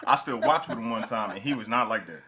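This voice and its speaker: A young male podcast host with a bright, clear tone, chatting casually. He tells stories with rising energy and laughs as he goes. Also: medium pitch, fast talker. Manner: animated storyteller, laughs while telling stories.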